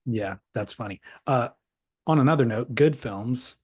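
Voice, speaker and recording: A man's voice: medium pitch, a little slow, slightly rough. A man co-hosting a podcast in casual chat, easygoing and wry, stretching his thoughts into long asides. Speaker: podcast co-host.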